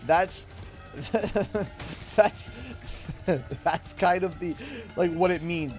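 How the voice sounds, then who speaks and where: A young Canadian man with a high voice hosts a gaming livestream, chatting casually, reading donations aloud and laughing often. He's animated but speaks slowly, with long pauses, and faint music plays in the background.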